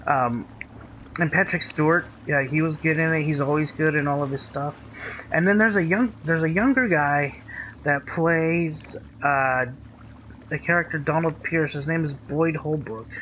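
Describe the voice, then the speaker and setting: A man's voice: fairly high pitch, unhurried, muffled recording, a little hiss or hum. A man reviewing a movie in casual chat, laid-back and often saying "dude" and "like".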